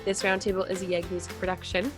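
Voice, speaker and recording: A woman's voice: lowish voice, flat delivery, fast talker, music in the background. A woman with an Albertan Canadian accent hosting a casual chat over a video call, laughing often. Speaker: podcast host and musician.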